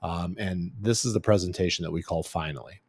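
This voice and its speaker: A middle-aged agency CEO gives a casual, chatty branding presentation packed with fillers, restarts and self-corrections. His deep voice is husky and darkish, he talks briskly, and the recording is dry.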